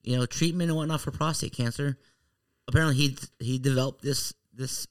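A man's voice: mid-range voice, fairly even intonation, fairly quick. Rambling male podcast co-host. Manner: rambling, laughs along, slips into put-on voices. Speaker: podcast co-host reading news. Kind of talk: casual chat.

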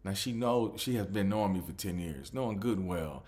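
A man's voice: low voice, brisk. A man hosting a podcast, telling a personal story casually with frequent restarts. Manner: restarts often, animated retelling. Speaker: podcast host.

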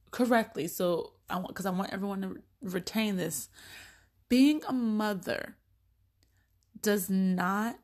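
Chatty mom telling animated stories. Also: female voice, mid-range voice. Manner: chatty, animated, acts out little dialogues with her kids. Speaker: mother sharing parenting stories. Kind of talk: casual monologue.

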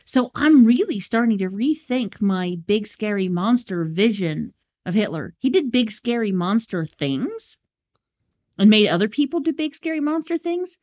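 A woman co-hosting a casual movie podcast, swearing freely and going off on animated tangents. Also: mid-range voice, a little slow, muffled recording. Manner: profane, tangent-prone, animated. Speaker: podcast co-host.

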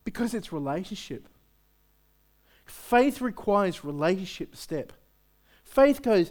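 A pastor preaches to his congregation in a conversational way, throwing out rhetorical questions. His pitch swings freely up and down and stays lively throughout. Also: takes it slowly, pauses often. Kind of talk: sermon.

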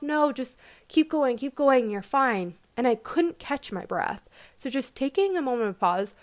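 Gentle, slightly high-voiced young woman. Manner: reflective, gentle, conversational with "like" fillers. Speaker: podcast host and coach. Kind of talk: casual self-help talk.

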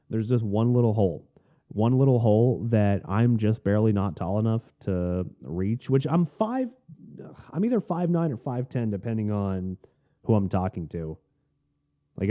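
A man hosting a podcast rambles through a story with wry, self-deprecating asides. His voice sits low, with a very dark, mellow timbre. He speaks in a casual, conversational tone. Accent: none, non-Southern American. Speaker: podcast host.

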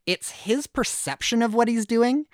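A man's voice: very high voice, measured pace, no room sound, studio quality. A man co-hosting a podcast, talking casually and laughing easily, often restarting his sentences. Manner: chatty, laughs easily, frequent restarts and fillers. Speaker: podcast co-host. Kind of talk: casual chat.

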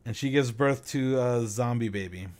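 A man's voice: medium pitch, normal speed. A man in casual chat, retelling a movie scene with laughter and acted-out quotes. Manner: animated, laughing, acts out quotes. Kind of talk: casual chat recapping a film.

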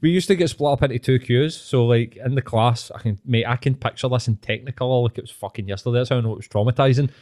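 A man's voice: mid-range voice, quick pace, hardly any pauses, a little mellow. A young Scottish man hosting a podcast, telling stories animatedly with swearing and laughter. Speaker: podcast host. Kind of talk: casual chat.

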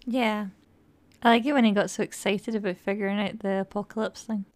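A woman chats through a show review with eager, firm opinions. Her pitch sits in a middle range. The recording is dry and close. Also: fairly even intonation, fairly quick, no echo. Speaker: podcast co-host. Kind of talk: casual review chat.

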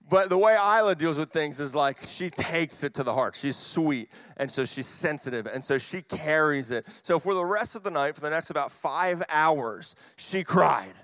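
A man preaching a sermon as pastor, telling family stories and swinging between hushed and loud, animated delivery. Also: fairly high pitch, moderate pace, few pauses, no room sound.

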